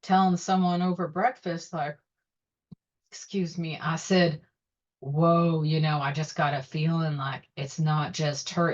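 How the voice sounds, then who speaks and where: A woman psychic host talking straight to her viewers with intense, repetitive urgency, at times leading a slow guided meditation. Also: low-pitched, steady tone, highs cut off. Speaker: self-styled psychic host. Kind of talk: emotional monologue to camera.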